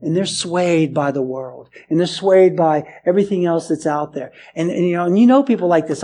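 A man preaching a sermon as pastor, animated, dropping to quiet earnest lows and climbing to raised, exclaiming passages, often restarting and repeating words. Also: fairly quick, hardly any pauses. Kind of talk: expository sermon.

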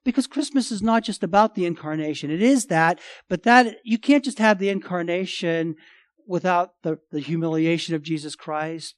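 A male pastor preaching a sermon, emphatic, swinging between loud and quiet and repeating phrases. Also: high voice, normal speed, no echo, studio quality.

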